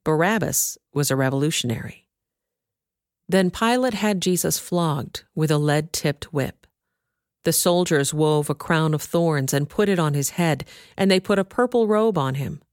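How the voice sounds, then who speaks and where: A woman narrating a scripture passage in a steady, measured reading. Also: deep voice, dry recording, clean studio sound. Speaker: scripture reader.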